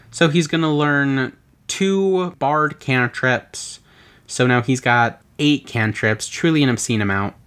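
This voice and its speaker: A podcast host explaining a game character build, telling the backstory with exasperated asides and casual swearing. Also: mid-range voice. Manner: animated, exasperated storytelling with quick asides; casual swearing and filler words.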